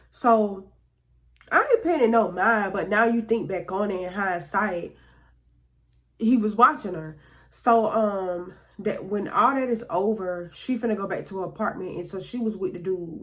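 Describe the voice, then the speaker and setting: A woman telling a personal story in a casual, slangy way, often acting out what other people said. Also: medium pitch. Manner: slangy, conversational, acts out quoted voices. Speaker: storytime vlogger.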